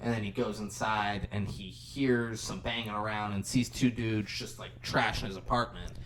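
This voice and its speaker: Fairly low and a bit bright, his voice holds an even intonation at a moderate pace, with slight background noise. He's a podcast co-host chatting through a film's scenes and voicing the characters' lines, full of swearing.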